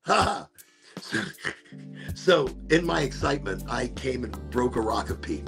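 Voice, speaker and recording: Gravelly, animated storytelling man. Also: medium pitch, unhurried, music in the background. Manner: animated, swears, repeats words. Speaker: podcast host. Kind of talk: casual storytelling.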